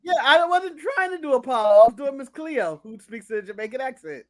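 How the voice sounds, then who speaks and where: A man's voice: very high voice, lively intonation, fairly quick. An American man co-hosting a wrestling recap show, chatting casually, joking and laughing often as he riffs. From United States. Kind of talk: casual podcast banter.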